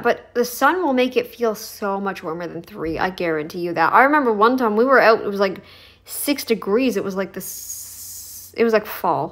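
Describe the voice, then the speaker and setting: A woman's voice: mid-range voice, animated, normal speed, fairly bright tone. A woman giving casual, blunt reaction commentary on a video, chatty and frank. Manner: chatty, blunt, says "dude" and "honey".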